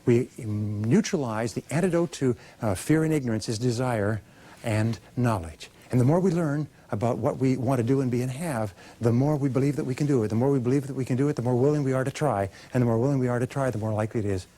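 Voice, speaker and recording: Fast husky motivational speaker man. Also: medium pitch, dark tone. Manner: fast, emphatic, coaching the audience. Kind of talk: motivational seminar speech. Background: audience repeating lines.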